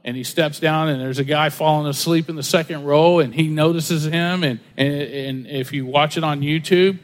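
A man with a rather high voice preaching a sermon in a loose, chatty way. He slips into quick impressions while telling stories. His voice rings out with a long reverb, as in a church sanctuary. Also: steady tone. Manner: conversational, storytelling with acted-out quotes. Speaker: pastor.

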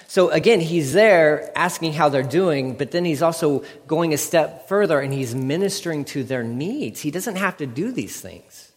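A man's voice: fairly high pitch, lively intonation, moderate pace, few pauses, long reverb tail. A man preaching a casual, conversational sermon and acting out what people say in shifting voices. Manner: conversational, acts out quotes in varied voices. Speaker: pastor.

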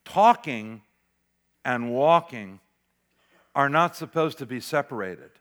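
A man preaching a sermon as pastor, dramatic, swinging between loud declarations and near-whispered asides. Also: mid-range voice, lively intonation, slow. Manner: dramatic, varies loudness, drops to near whisper for emphasis.

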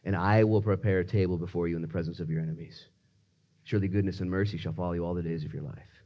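A man voicing the Lord as a calm, solemn figure, speaking slowly and softly in a sermon. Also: sits low, pitched below the performer's own voice, lightly acted. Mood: solemn, hushed.

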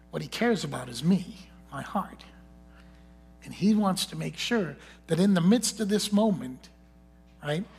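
Gravelly man preaching a confessional sermon. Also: sits high. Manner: confessional storytelling, dropping to near whispers.

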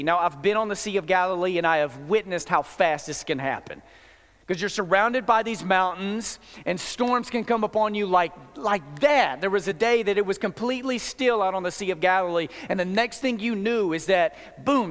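A man with a fairly high voice preaches a sermon in an easy, conversational way, often restarting a phrase before pressing on. His words ring out with the long reverb of a large hall. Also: fairly bright tone. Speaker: pastor.

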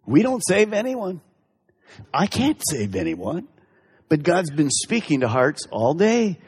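A man's voice: fairly high pitch, sing-song, slow, a little mellow, husky, big-room sound. A male pastor preaching a sermon with emphatic delivery, asking the congregation direct questions.

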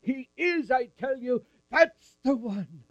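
A man voicing an eighty-four-year-old woman prophet, shouting jubilant praise. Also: sits high, animated, normal speed, no echo, lo-fi sound, voice pushed up. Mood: ecstatic.

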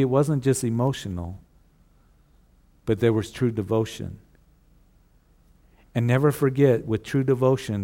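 Male pastor mid-sermon, dark mellow tone, earnest and repetitive, hushed for emphasis. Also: mid-range voice. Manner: earnest preaching with repeated phrases, drops to a hush on key lines.

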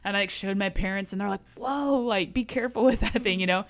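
A woman tells a story in casual chat, talking quickly and using a lot of "like". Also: medium pitch. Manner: quick, filler-heavy talk with lots of "like".

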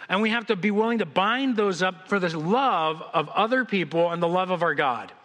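A man with a high, bright voice preaches to his congregation in a loose, joking way, often restarting his sentences. His words ring out with a long reverb through the large church room. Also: animated, moderate pace. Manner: conversational and joking, with frequent restarts. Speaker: senior pastor. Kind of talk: sermon. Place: church sanctuary.

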